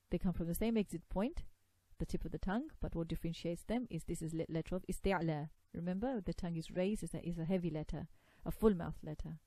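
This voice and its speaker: A woman leads a tajweed lesson, patiently sounding out Arabic letters one by one for her students to repeat. Her voice sits low and mellow. The recording is close and dry, with no room echo. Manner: patient, repeats sounds slowly for learners to copy. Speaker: Quran recitation teacher.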